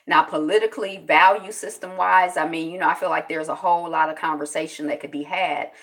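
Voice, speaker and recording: A woman hosting a casual live news commentary, chatting with viewers and greeting them by name, sometimes breaking into loud exclamations. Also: low voice, fairly even intonation. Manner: chatty, greets viewers in the chat, quick laughs. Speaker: host of a news commentary channel.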